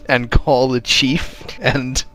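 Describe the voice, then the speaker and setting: Laid-back male game co-host, casual commentary, mid-pitched voice. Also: fairly even intonation, very slow, pushed and bright, soft background music. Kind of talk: casual let's-play commentary.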